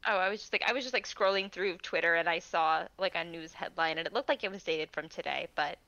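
A woman's voice: on the low side, fast talker, pushed and bright, muffled recording. A woman co-streaming a game in casual chat, saying "like" a lot. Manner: chatty, says "like" a lot.

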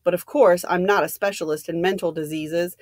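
A woman's voice: on the low side, fairly even intonation, a little fast, darkish tone, no echo, studio quality, close to an everyday voice. A woman reading as a doubtful, worried doctor. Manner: hesitant, doubtful. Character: worried, doubtful middle-aged male doctor.

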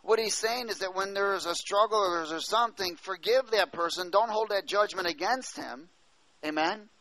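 A man's voice: high voice, normal speed, pushed and bright, poor audio. A male preacher giving a sermon, reading scripture aloud, explaining it, and calling out to the congregation for an "Amen.". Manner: calls out to the congregation, asking "Amen?".

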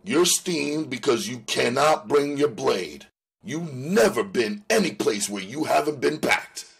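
A man's voice: medium pitch, expressive, measured pace, creaky, breathy edge, voice pushed up, heavily acted. A man voicing a level-headed young gang member who explains things firmly.

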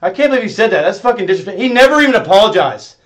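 A man streaming live, ranting at his chat in a profane, confrontational way, swinging between muttering and yelling. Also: high voice, very animated, racing. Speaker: livestreamer.

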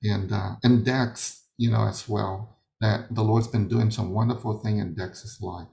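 A man's voice: fairly low pitch, steady tone, a little slow, creaky, warm tone, roomy sound. A man teaching a sermon over a video call, emphatic and fond of rhetorical questions that he answers himself. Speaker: ministry leader teaching a session.

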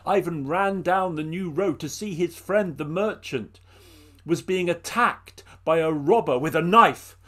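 An English man tells a folk tale to listeners, lively and expressive, calling on them by name. His speaking voice sits a little high for a man. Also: a little slow. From England. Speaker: storyteller. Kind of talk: oral storytelling performance.

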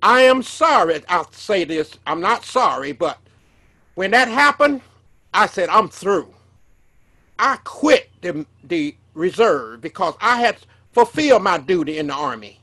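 A man's voice: high voice, very animated, unhurried, bright, forceful tone. A man, telling a personal testimony as a sermon in an earnest way, often repeating and restarting his words. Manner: earnest storytelling with repetitions and restarts. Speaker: preacher.

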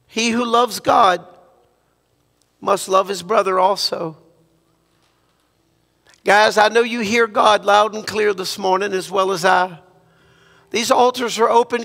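High-voiced, gravelly impassioned preacher man. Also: fairly bright tone, big-room sound. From Louisiana. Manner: impassioned preaching, repeats phrases, ends in prayer. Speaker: guest pastor. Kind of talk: sermon. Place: church sanctuary.

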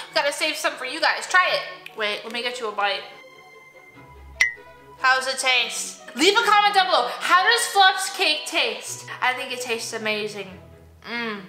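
A woman vlogging playfully with her plush toys, excitable and coaxing, often gasping. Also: high voice, moderate pace, echoey room, faint music behind. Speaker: toy vlogger.

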